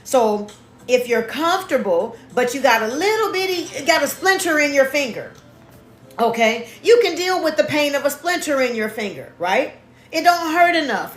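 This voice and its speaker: A woman's voice: high-pitched, reverberant. A woman coaching a live class in a casual, talky way, often checking in with "right?" and greeting viewers by name. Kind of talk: motivational live class talk.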